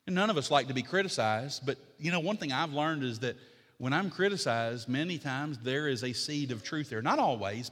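Emphatic preacher man in a reverberant sanctuary. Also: mid-range voice. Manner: builds to emphatic, rising repetition then drops to quiet conversational teaching. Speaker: pastor. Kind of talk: sermon.

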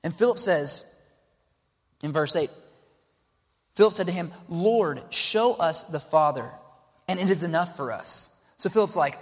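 A man preaching a sermon as pastor, expressive, dropping to a hush and then rising to exclaim. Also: high-pitched, moderate pace. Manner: expressive, swinging between hushed and exclaiming. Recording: long reverb of a large hall.

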